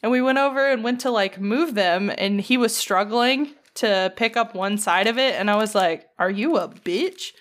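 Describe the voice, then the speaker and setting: A woman's voice: mid-range voice, normal speed, few pauses. A woman in her thirties co-hosting a podcast, telling stories in a blunt, teasing, casual way. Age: 30s. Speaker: podcast co-host. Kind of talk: casual chat.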